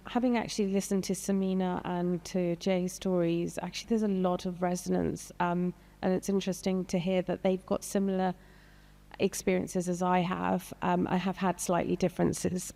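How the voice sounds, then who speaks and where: Woman doctor in her 30s, flat low voice, lots of ums, echoey hall. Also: normal speed, gravelly. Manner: hesitant, many ums, emotional. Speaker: doctor and patient guest. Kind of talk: panel discussion. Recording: long hall reverb.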